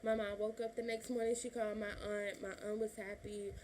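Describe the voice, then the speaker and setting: In a brisk, flat delivery with a darkish mid-range tone, a twenty-one-year-old woman from Illinois, USA, shares a personal story in a chatty vlog. She laughs frequently and acts out what her family said, over a slight hiss or hum.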